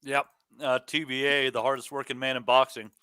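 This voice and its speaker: A man's voice: medium pitch, level tone, a little fast, sharp tone, smooth, dry recording. A man co-hosting a casual podcast chat, making blunt, dry remarks. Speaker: podcast co-host.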